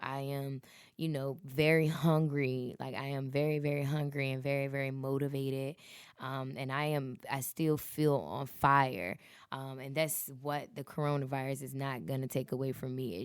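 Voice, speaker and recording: Woman podcast host, 30s, low and smooth, blunt profane rants and pep talk. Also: a little mellow, dry recording, studio quality. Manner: profane, blunt, preachy and motivational. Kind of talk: casual solo podcast rant.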